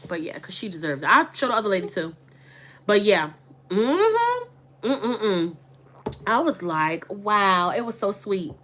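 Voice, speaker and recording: A woman's voice: medium pitch, normal speed, pushed and bright. Woman vlogger, casual and candid, talks straight to her followers, mid-range voice. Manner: chatty, candid, addresses viewers as y'all. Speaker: online boutique owner and vlogger. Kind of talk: casual chat to camera.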